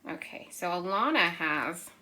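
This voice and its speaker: A young woman teaches small children from home in a bright, clear voice that sits a little low. She speaks gently and encouragingly, slows down to count and clap out syllables, and keeps checking in with her listeners. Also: animated. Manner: counts and claps out syllables slowly. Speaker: preschool teacher. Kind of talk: remote circle-time lesson for young children.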